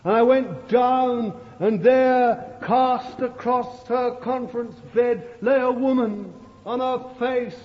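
A male preacher delivering a sermon as a dramatic storyteller, swinging from loud to hushed. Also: very high-pitched, slow pace, hardly any pauses. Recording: dull, echoey old hall recording.

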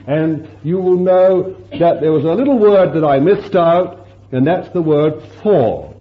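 A man's voice: a little high, lively intonation, unhurried. A man preaching a fervent sermon, breaking into exclamations of praise and asking his listeners rhetorical questions. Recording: echoey dull lo-fi sermon recording.

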